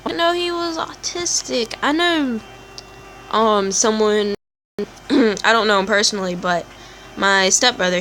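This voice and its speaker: A woman's voice: fairly high pitch, vocal fry, background noise. A woman playing a story game, reading its text aloud and chatting with giggly side comments. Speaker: let's play gamer.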